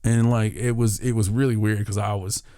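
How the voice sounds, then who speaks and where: A man's voice: lowish voice, level tone, normal speed, warm tone, dry recording, clean studio sound. A man co-hosting a podcast, telling a rambling anecdote full of restarts and chuckling at his own story. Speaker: podcast co-host. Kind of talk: casual storytelling chat.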